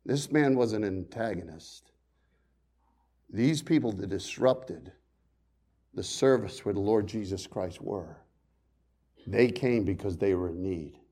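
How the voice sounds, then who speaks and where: A man pastor preaching a sermon, swinging between loud emphasis and quiet, hushed storytelling. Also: fairly low pitch, takes it slowly, long pauses, husky.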